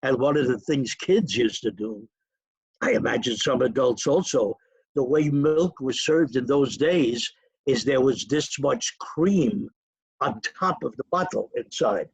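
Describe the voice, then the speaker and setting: An older man, his voice gravelly and husky. He drifts from one memory to the next in a rambling, chatty way. The sound is close and dry. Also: mid-range voice, a little slow, no echo. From New York. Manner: rambling, digressive storytelling with chuckles. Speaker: interview guest. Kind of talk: reminiscing in a casual interview.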